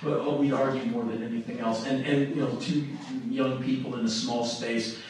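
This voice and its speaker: A middle-aged man telling a story live to an audience, animated and laughing through his telling. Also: mid-range voice, normal speed. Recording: echoey room from far off with noise.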